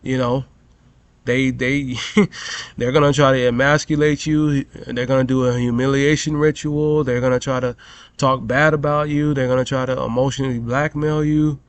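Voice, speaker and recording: A man's voice: medium pitch, little pitch movement, normal speed, no room sound. A young man telling a profane, rambling story as a vlogger rant, full of "bro" and "you know".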